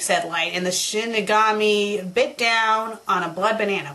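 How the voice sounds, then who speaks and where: A woman's voice: mid-range voice, fairly even intonation, moderate pace, few pauses, pushed and bright. A woman hosting a critique show, reading a bad fanfiction aloud and breaking off into exasperated, mocking rants. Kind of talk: sarcastic dramatic reading with commentary.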